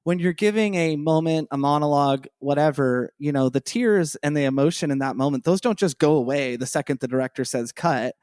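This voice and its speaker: A man's voice: fairly high pitch, brisk, few pauses, a little mellow, clean tone, no echo, studio quality. A man co-hosting a casual podcast, rambling enthusiastically with lots of fillers. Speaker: podcast co-host.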